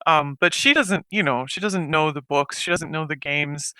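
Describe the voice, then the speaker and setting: A man co-hosting a podcast, chatting casually and telling a story with animated quoted voices. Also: a little high, moderate pace, clean tone, no room sound. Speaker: podcast co-host. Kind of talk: casual chat.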